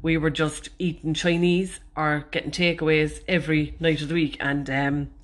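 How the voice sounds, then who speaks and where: A woman's voice: low voice, little pitch movement, normal speed. A woman from Ireland with a Cork accent, hosting a podcast and telling stories in a chatty, self-mocking way that is full of swearing. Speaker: podcast host. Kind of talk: casual storytelling monologue.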